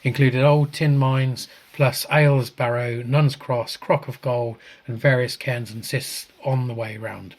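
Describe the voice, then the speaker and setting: A man's voice: medium pitch, a little slow, few pauses. Man reading viewer comments on a podcast. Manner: relaxed, chuckles often, stumbles and restarts. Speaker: podcast co-host. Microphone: video call.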